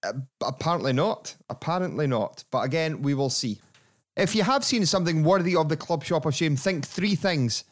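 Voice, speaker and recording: A man hosting a casual football podcast, chatty and quick to laugh. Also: on the high side. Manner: chatty, laughing, animated asides. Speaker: podcast host.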